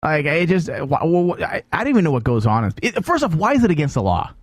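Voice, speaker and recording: A man's voice: on the high side, sing-song, quick pace, slightly rough, no echo, clean studio sound. A man hosting a casual news chat show, rambling with frequent stammered restarts. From United States. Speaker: host.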